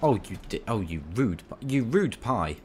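Cheeky British man with a lively voice. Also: fairly low pitch, moderate pace, slight background noise. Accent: British English. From Britain. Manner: rambling, cheeky banter at enemy players. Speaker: gaming channel host. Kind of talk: playing a tank game with commentary.

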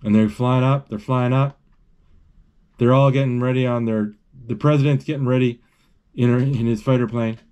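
A man's voice: mid-range voice, steady tone, darkish tone, clean tone. Man narrating a film as it plays. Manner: halting, self-correcting, thinking aloud. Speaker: channel host describing a movie. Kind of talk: live play-by-play retelling of a film.

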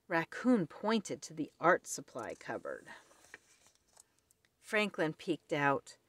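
Woman reading a picture book aloud, low-ish voice, dry close recording. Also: no echo. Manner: slow, expressive reading. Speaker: storyteller. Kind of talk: children's read-aloud.

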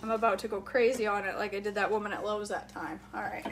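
A woman's voice: mid-range voice, fairly even intonation, fast talker, very noisy. Chatty woman cooking over clattering pans. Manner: chatty, joking, playfully bossy. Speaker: cooking vlogger. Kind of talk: casual cooking demonstration. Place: home kitchen at the stove. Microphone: camera set up near the stove. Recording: clattering pots and whisking behind voice.

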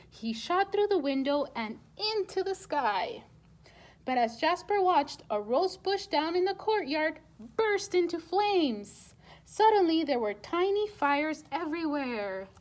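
A children's librarian reading a picture book aloud at storytime, in an expressive, animated way. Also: female voice, high-pitched.

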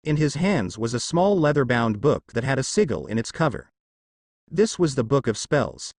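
A man reading fan fiction aloud in a steady voice. His pitch moves up and down with lively variation. The recording is dry and close. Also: normal speed, dry recording. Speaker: narrator.

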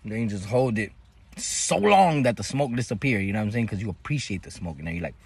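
A man telling a slangy, animated story to his viewers, acting out the voices of the people in it. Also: lowish voice, brisk, breathy edge. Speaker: vlogger. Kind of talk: casual storytelling.

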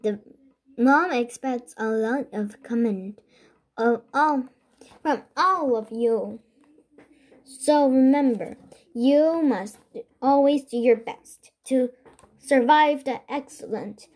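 A woman's voice: sits high, a little mellow. A woman reading a bossy little girl inventor. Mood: instructing. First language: Korean. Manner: halting, stumbling read-aloud. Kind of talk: children's book read aloud.

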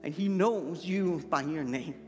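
A man's voice: on the high side, a little slow, mellow, long reverb tail, faint music behind. A man from Manitoba who speaks with a deaf accent, giving an earnest personal testimony as pastor in a sermon. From Manitoba, Canada. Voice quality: deaf speech, hard-of-hearing accent. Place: church sanctuary.

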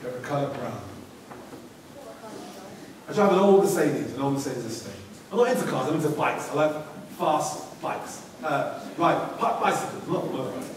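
A man's voice: fairly high pitch, animated, normal speed. Poet man in an echoey school hall. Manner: rhythmic spoken-word delivery, playful banter with pupils. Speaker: visiting poet. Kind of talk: school visit poetry performance and Q&A. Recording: echoey hall from far off, noisy.

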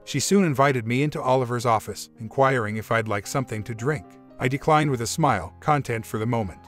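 A man reads a first-person relationship story aloud, steady and a little wry, at a middle pitch. Soft music plays faintly beneath his narration. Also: brisk.

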